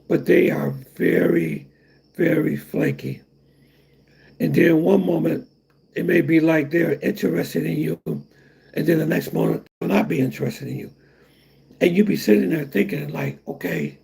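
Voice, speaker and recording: A man's voice: a little high, creaky, dark tone, breathy edge. A middle-aged man hosting a casual livestream, rambling and repeating himself while answering chat comments. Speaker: livestream host.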